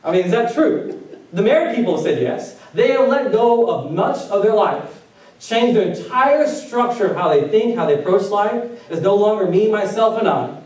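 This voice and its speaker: A man's voice: high-pitched, animated, normal speed, a little mellow. A man pastor giving a casual, joking sermon, asking the congregation questions as he goes. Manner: conversational, joking with the congregation, asks them questions. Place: church sanctuary. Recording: echoey hall recorded from far off.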